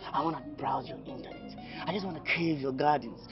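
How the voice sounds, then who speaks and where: A man's voice: fairly high pitch, brisk, over music, close to an everyday voice. A man playing a cheeky flirt with a Nigerian accent. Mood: teasing. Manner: playful, teasing, laughs a lot. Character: cheeky man chasing a woman, laughing. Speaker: flirting brother-in-law. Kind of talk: Nollywood film acting. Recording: dull lo-fi sound, faint noise.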